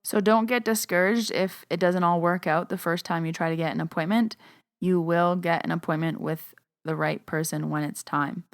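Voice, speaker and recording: Chatty woman, low voice, dry close sound. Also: fairly even intonation, moderate pace, dry recording. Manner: casual, chatty, uses "like" often. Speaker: podcast host and Reiki master. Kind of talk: podcast monologue answering listener questions.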